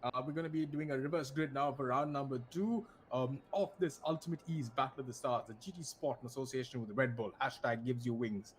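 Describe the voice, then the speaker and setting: A man's voice: medium pitch, fairly quick, few pauses. A man commentating an online racing event, chatty and full of restarts. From India. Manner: chatty, many restarts, laughs easily. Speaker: esports race commentator. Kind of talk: live race commentary.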